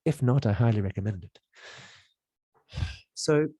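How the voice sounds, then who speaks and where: A man's voice: lowish voice, moderate pace, dark tone, dry recording. A man teaching an online creativity lesson in a playful, exploratory way, jumping into sounds and voices.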